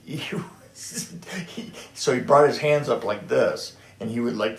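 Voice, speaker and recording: A man's voice: mid-range voice, lively intonation, unhurried, fairly bright tone. A middle-aged or older man, a production designer telling stories in a casual chat, restarting often and acting out what others said. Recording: echoey room.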